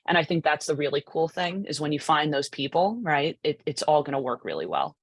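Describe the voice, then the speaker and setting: Brief: low-pitched woman, dry close sound, coaching talk, chatty with lots of "right?". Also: animated, a little fast, vocal fry, hardly any pauses, breathy edge, no room sound. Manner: chatty, many asides and rhetorical "right?". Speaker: lacrosse goalie coach presenting. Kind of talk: conversational presentation.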